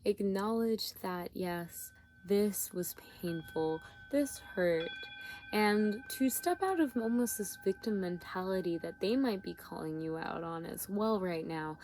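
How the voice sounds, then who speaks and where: A tired woman giving a spiritual tarot reading, talking gently with searching, repetitive phrasing and many fillers. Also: mid-range voice, unhurried, soft background music. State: yawning, tired. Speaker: tarot reader.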